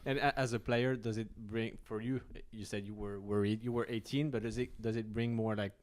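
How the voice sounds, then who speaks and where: A man's voice: on the low side, fairly even intonation, brisk, darkish tone. A man hosting a podcast, giving short replies and asking long, winding questions in a casual way. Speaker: podcast host. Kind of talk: casual interview chat.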